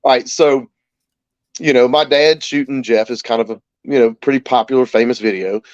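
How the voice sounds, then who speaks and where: A man in his forties, a talk show guest, telling stories in a casual, lively way and acting out the voices of the people in them. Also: medium pitch, moderate pace, no room sound, lo-fi sound. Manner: animated anecdote teller, acts out quoted voices. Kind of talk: casual storytelling.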